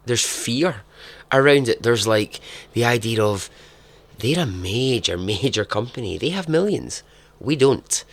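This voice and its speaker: A man, hosting a podcast and telling a true story in a casual, chatty way, breaking into animated asides and frequent laughs. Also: fairly low pitch, no room sound. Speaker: podcast host.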